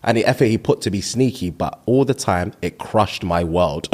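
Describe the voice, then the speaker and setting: A man's voice: on the low side, moderate pace. A man co-hosting a podcast in casual chat, reading out listener comments and laughing often. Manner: animated, reads comments aloud and laughs often. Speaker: podcast co-host.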